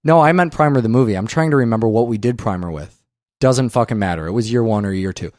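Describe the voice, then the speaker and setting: A low-pitched man talks films on a podcast, emphatic, opinionated and quick to swear. His voice sounds dry and close, with no room around it. He rants casually as the show's host. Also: darkish tone, no echo. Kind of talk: casual film discussion.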